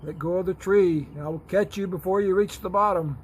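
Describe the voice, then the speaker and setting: A man voicing the Lord as a calm voice from above in a joke. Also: sits high, brisk, slight background noise, lightly acted. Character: the Lord speaking from above, calm deep male.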